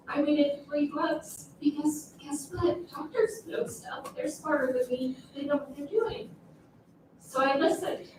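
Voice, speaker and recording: A woman's voice: high-pitched, far from the mic, slight background noise. A woman, a mother, giving earnest and emotional public comment at a school board meeting. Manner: emotional, earnest personal testimony. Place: large meeting room. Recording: echoey room, voice heard from afar.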